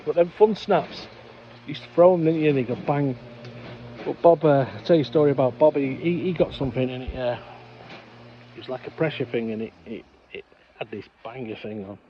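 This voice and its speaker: Outdoors on a hot, sunny day, a man with a medium-pitched voice talks a little fast as he tells funny stories from his childhood, laughing at them himself. He's a co-host on a casual storytelling vlog. The sound is slightly dull and lo-fi, with faint ambience and a bit of background noise.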